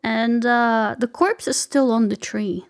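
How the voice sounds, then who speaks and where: A woman's voice: fairly high pitch, slow pace, smooth. Playful chatty woman game streamer. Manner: playful, chatty, swears casually. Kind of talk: casual live stream chat.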